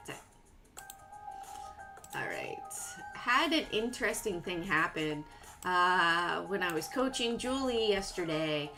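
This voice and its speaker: A woman's voice: on the low side, expressive, slow pace, long pauses. A woman hosting a live stock trading stream, chatting casually and playfully with viewers while she works through her charts. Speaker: livestream stock trading host. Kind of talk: casual live market commentary. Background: music.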